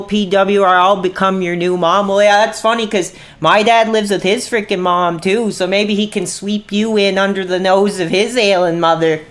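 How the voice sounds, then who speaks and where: A man in his thirties chatting on a gaming livestream, irritable and quick to anger, saying "dude" all the time. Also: high-pitched, a bit bright. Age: 30s. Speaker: streamer. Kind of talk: casual gaming livestream chat.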